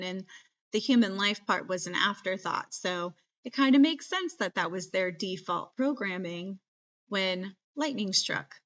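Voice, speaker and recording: A woman's voice: mid-range voice, a bit bright. Chatty woman podcast host, lo-fi mic. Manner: chatty, filler-heavy, jokey. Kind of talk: casual movie recap.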